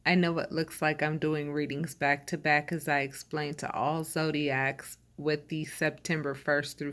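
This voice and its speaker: Woman, tarot host, low voice, calm and reassuring. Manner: calm, reassuring, speaks directly to listeners. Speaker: tarot reader. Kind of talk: spoken tarot reading.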